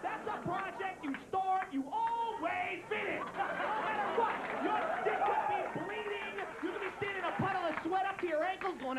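A man performing a stand-up comedy set on a club stage, loud and animated, swearing and acting out quick voices. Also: very high voice. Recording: live club recording, loud crowd and noise.

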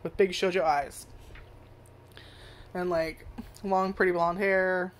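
A woman's voice: lowish voice, flat delivery, takes it slowly. Rambling, foul-mouthed woman recapping a show. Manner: rambling, profane, self-correcting. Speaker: anime reviewer. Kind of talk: casual first-impressions chat.

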